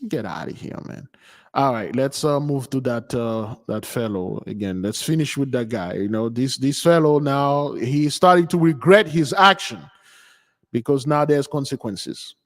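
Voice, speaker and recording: A man hosting a spiritual channel, preaching casually to followers in an animated, emphatic and mocking way. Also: medium pitch, a little slow, big-room sound. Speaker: channel host giving a spiritual talk.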